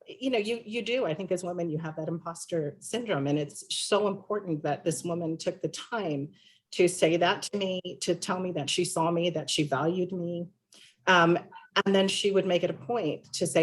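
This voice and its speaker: Low-voiced woman telling an earnest story. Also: moderate pace. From Latina and Filipino heritage. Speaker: panelist. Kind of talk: panel discussion.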